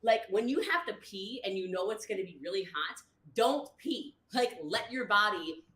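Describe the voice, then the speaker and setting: A woman's voice: mid-range voice, animated, moderate pace, fairly bright tone. A woman on a livestream telling a long story, rambling and acting out what people said. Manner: rambling, acts out quotes. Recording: echoey room.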